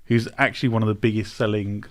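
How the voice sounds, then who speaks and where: A man's voice: fairly low pitch, fairly even intonation, fast. A man co-hosting a podcast in casual panel chat, giving dry, opinionated takes. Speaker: podcast co-host.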